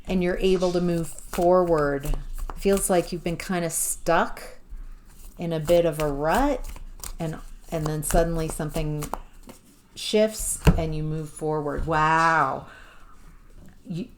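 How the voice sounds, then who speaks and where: A woman giving an intuitive tarot reading to the viewer, musing and halting, with sudden exclamations of surprise. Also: lowish voice, steady tone, slight background noise. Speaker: tarot reader.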